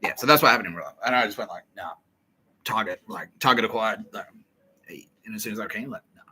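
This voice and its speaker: A man's voice: lowish voice, quick pace, bright, forceful tone, breathy edge, rough recording. A man hosting a podcast, telling a wild story in a rambling, profane comic monologue with frequent laughter. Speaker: podcast host.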